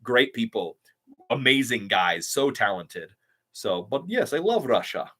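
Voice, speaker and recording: A man's voice: mid-range voice, big pitch swings, unhurried, bright, forceful tone. Upbeat man chatting on a live stream. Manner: eager and upbeat, with frequent "like" and "um". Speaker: YouTube creator hosting a live stream. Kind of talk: casual live-stream chat reading viewer comments.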